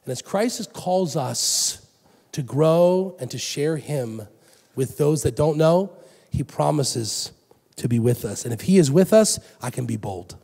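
A middle-aged man preaching a sermon as pastor in a church, animated, swinging from loud emphatic lines to soft hushed ones. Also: a little high, measured pace, vocal fry. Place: church sanctuary. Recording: long hall reverb.

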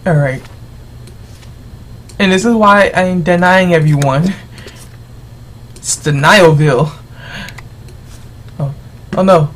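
A gamer giving rambling, exasperated commentary while playing, yelling at the game's characters. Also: medium pitch, takes it slowly, long pauses, slight background noise. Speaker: let's play gamer. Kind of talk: gameplay commentary.

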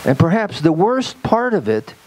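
A man preaching as a rabbi, slow and deliberate, lifting his voice when he acts out quoted speech. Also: sits high, big pitch swings, a little mellow, a little hiss or hum, low-quality recording. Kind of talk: sermon.

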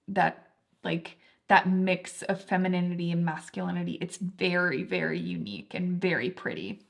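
A woman's voice: lowish voice, gravelly. Chatty young woman reviewing beauty products. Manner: chatty, filler-heavy, enthusiastic. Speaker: beauty vlogger.

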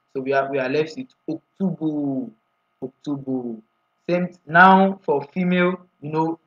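A man gives a grammar lesson in a slightly higher voice, walking through each rule in order and pausing to ask his students for the next answer. The recording is muffled and lo-fi. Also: a bit bright. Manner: explains step by step, often asks the class "what?". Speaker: Arabic grammar teacher. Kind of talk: classroom lecture.

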